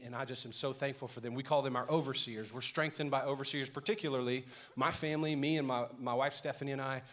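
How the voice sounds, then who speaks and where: Man, pastor, Cajun accent, energetic church announcements, rallying. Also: mid-range voice. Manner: loud, rallying the congregation.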